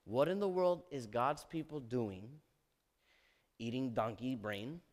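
A male pastor preaching a sermon, animated, asking the congregation questions and acting out the scripture. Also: medium pitch, slow pace. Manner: animated, asks the congregation questions, dramatizes quotes.

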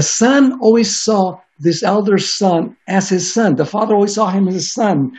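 A man's voice: high voice, lively intonation, normal speed, hardly any pauses, a little mellow. A man preaching a sermon, reading scripture aloud and explaining it in an earnest way with frequent restarts. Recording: dull lo-fi recording.

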